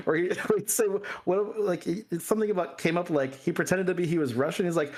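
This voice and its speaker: A man's voice: high voice, a little fast, a little mellow. A man co-hosting a podcast, chatting eagerly and stumbling over restarts. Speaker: podcast co-host. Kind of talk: casual chat.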